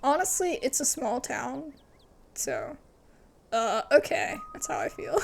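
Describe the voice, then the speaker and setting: A woman streamer playing a story game, giggling and thinking out loud as she reads it aloud. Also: high voice, wildly swooping pitch, slow pace, gravelly, a little hiss or hum. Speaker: let's play streamer.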